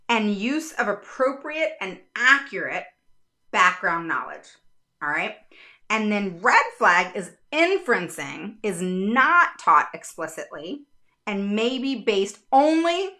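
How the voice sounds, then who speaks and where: A middle-aged woman explaining reading instruction to parents in a casual, animated talk, often checking in with "all right?". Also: medium pitch. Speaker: special education advocate.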